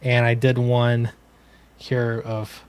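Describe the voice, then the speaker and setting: A man who makes comics, co-hosting a casual livestream, easygoing and halting, with many fillers. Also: mid-range voice, monotone, darkish tone, smooth. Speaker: comics creator and co-host.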